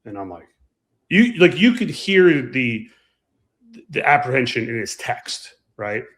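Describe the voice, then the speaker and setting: A man co-hosting a casual podcast, telling emphatic, animated anecdotes about flying. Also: medium pitch, unhurried. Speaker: podcast co-host and pilot. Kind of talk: casual chat, storytelling.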